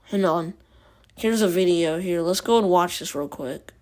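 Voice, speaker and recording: A woman's voice: on the low side, moderate pace. Rambling woman podcast host. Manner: thinks out loud, rambling asides. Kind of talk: casual chat.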